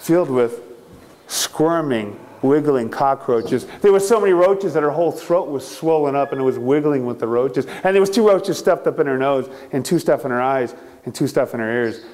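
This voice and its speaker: A man's voice: medium pitch, animated, moderate pace, a little mellow. A man telling a campy horror story with theatrical, gleeful delivery, laughing often. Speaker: ghost story narrator.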